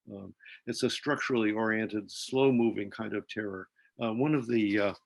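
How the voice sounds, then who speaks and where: A man speaking as a film scholar on a webinar panel, measured and explanatory, talking over a video call. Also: fairly low pitch. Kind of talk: academic panel discussion.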